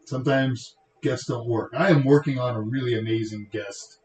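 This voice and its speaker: A man's voice: mid-range voice, moderate pace, darkish tone. A middle-aged man with a Texan accent, hosting a tech show in a casual, rambling way full of joking asides. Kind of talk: casual livestream chat. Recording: echoey room.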